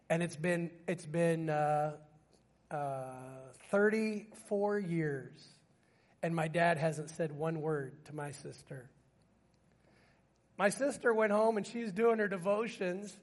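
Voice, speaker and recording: Older man, pastor, high voice, emotional storytelling sermon, fervent. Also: slow, long pauses. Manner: emotional storytelling preacher, rising to fervent pleading. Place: church sanctuary.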